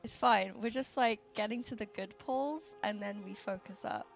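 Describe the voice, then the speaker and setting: A woman's voice: medium pitch, normal speed, creaky, faint music behind. A young woman with a Welsh accent, chatting playfully as a livestream co-host. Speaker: stream co-host. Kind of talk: casual livestream chat.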